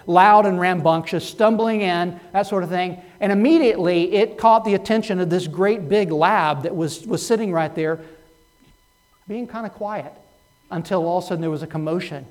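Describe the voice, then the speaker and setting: A man delivering a sermon in a slightly raised voice. He swings from hushed, reflective lines to loud, rising emphasis. He tells stories in a dry, humorous manner. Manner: swings between soft low asides and loud rising emphasis. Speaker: pastor.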